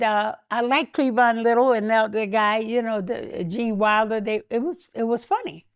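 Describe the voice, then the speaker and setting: High-voiced older woman telling stories. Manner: animated, laughs often, acts out quoted speech. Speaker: interview guest. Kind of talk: candid storytelling.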